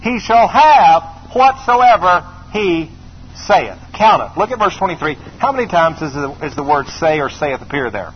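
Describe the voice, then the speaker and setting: A middle-aged man preaches with an emphatic, high-pitched voice, repeating key phrases and calling on his listeners to answer back. The recording is slightly muffled, with faint background noise. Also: big pitch swings, a little fast, hardly any pauses. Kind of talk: sermon.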